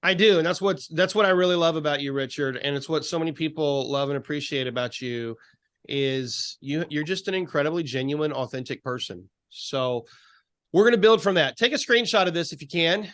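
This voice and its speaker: A male coach on a video call speaks in an encouraging, preacherly way and leads with rhetorical questions. His voice sits a little high and sounds dry and close. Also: a little fast, a bit bright, no echo. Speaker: life coach. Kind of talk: faith-based coaching call.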